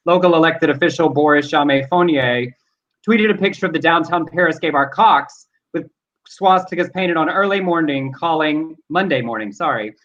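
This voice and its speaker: An earnest male co-host reads news items and reflects on them thoughtfully. His voice is bright and a touch high, heard through slightly muffled, lo-fi audio. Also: moderate pace. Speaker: talk show co-host. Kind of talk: casual news chat.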